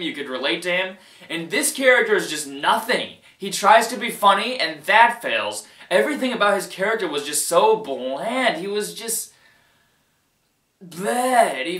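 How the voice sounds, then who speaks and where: A man's voice: sits high, sharp tone, roomy sound. A man giving a casual movie-review rant, emphatic and exasperated, repeating his points and often breaking into laughter.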